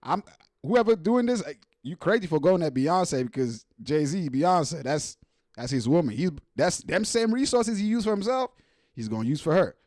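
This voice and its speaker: A man's voice: on the high side, very animated, moderate pace, a little mellow, dry recording, clean studio sound. A man hosting a casual show, reacting to viral clips with lots of slang and laughter and mimicking the people in them.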